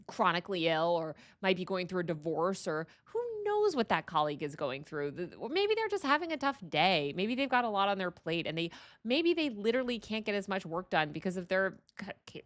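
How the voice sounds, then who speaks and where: A woman's voice: fairly low pitch, fairly bright tone. Fired-up woman ranting on a livestream. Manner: heated, exasperated, repeats phrases for emphasis. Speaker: livestream host.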